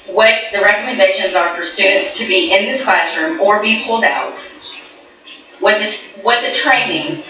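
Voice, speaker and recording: A mother in her thirties pleads with a school board, earnest and emotional, her voice bright and pressing. She is caught by a distant mic in a very echoey hall, and the sound is dull. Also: mid-range voice. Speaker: parent speaking at a school board meeting. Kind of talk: public comment at a meeting. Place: large meeting room.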